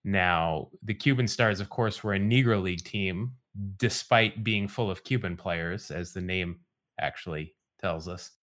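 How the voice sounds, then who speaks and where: A man hosting a podcast, relaxed storytelling with dry asides in casual chat. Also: low voice, unhurried. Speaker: podcast host.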